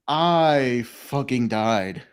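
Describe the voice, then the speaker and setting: A man's voice: mid-range voice, animated, extremely slow, smooth. A man hosting a casual podcast chat, swearing freely and telling stories with lots of laughter. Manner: profane, storytelling, laughing often. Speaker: podcast host. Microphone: phone call.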